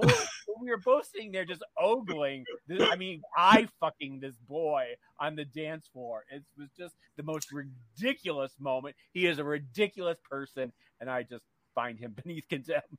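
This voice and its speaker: A man co-hosting a radio talk show, telling gossipy, catty stories in an animated way. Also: a little high, moderate pace, hardly any pauses. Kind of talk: casual talk radio chat.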